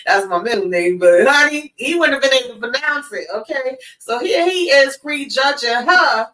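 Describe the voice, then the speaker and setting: A woman's voice: high voice, normal speed, recorded from a distance, rough recording. Congested woman chatting a movie recap. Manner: animated, laughing, plays quotes. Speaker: host of a movie recap show. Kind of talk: casual movie recap chat.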